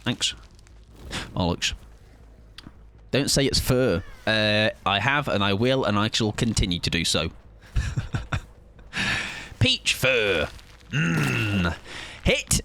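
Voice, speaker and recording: A man's voice: on the low side, very animated, drawn-out words, vocal fry, pauses often, bright, forceful tone. A man in his thirties chatting casually and joking with his audience while streaming a game. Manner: joking, self-mocking banter with chat. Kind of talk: casual chat while gaming.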